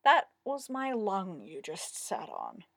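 A man's voice: very high voice, lively intonation, moderate pace, dry recording, pitched above the performer's own voice. A woman voicing a weary, sardonic middle-aged man who answers his friend with dry sarcasm, in a storybook reading. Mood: sarcastic.

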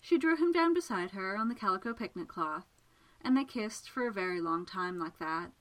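Casting note: woman narrator for a romance audiobook, measured and smooth, with an animated pitch. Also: poor audio. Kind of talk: audiobook story reading.

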